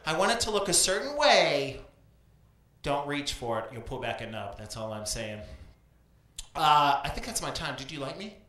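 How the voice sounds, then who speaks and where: A man's voice: a little high, big pitch swings, moderate pace, sharp tone. A man finishing a stand-up set on a small club stage. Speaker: comedian. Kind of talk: stand-up comedy. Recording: echoey club with noisy crowd.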